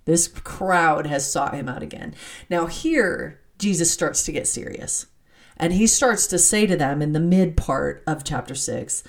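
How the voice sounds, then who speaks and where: A woman teaching from the Bible in an animated, excitable way, laughing as she reads scripture aloud. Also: low-pitched, a little slow, gravelly.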